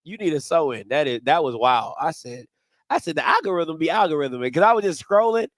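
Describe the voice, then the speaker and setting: A high, lively man chatting casually about sports as co-host. His pitch swings widely as he tells stories, repeats lines and laughs. The sound is close and dry. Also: fairly quick, dry recording. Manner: animated, laughing, repeats himself. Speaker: podcast co-host.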